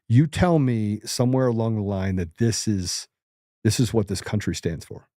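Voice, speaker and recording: A man's voice: on the low side, normal speed, mellow, no room sound, studio quality. A middle-aged man hosting political commentary, blunt, combative and emphatic. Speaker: host.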